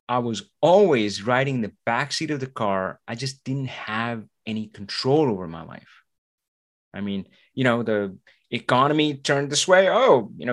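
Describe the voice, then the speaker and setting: A man's voice: medium pitch, a bit bright. A man hosting a podcast, talking in a motivational monologue, acting out little voices and asking rhetorical questions. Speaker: podcast host.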